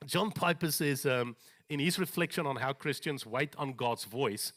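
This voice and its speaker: A man preaching a sermon in a church, animated, with joking asides and slower scripture readings. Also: mid-range voice. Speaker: pastor.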